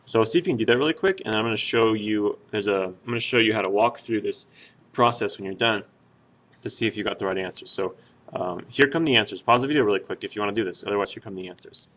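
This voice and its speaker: A man walks learners through Spanish grammar one step at a time. His lowish voice has a bright, forceful edge. He talks in a patient, casual way and fills pauses with "uh" and "um.". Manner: patient, step-by-step, with many fillers and restarts. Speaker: Spanish teacher. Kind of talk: explaining grammar at a whiteboard.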